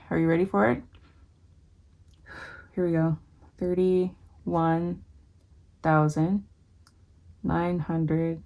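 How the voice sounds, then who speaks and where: A young adult woman talking candidly to camera in a casual home vlog, thinking aloud and reading figures slowly. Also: on the low side, fairly even intonation, creaky, darkish tone. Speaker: vlogger.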